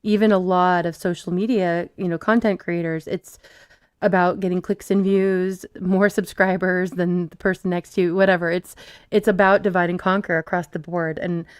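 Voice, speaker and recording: A woman's voice: lowish voice, level tone, moderate pace, smooth, no room sound, studio quality. Woman hosting a casual chat stream. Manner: rambling, reads out chat comments. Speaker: host.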